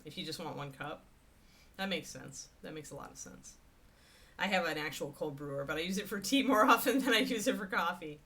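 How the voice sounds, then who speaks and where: A woman's voice: on the low side, brisk, pushed and bright. A woman hosting a livestream, chatting casually and rambling to her viewers. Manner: chatty, rambling, talks to the chat and her dog. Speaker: host of a miniature painting livestream.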